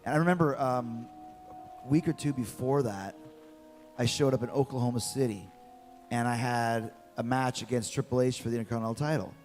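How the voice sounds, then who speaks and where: A middle-aged man tells his stories with lively energy, often repeating himself as he goes. His voice carries a long reverb, and faint music plays in the background. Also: mid-range voice, fairly quick. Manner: lively anecdotal storytelling with repeated words. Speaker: guest, former wrestler. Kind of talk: storytelling in an interview.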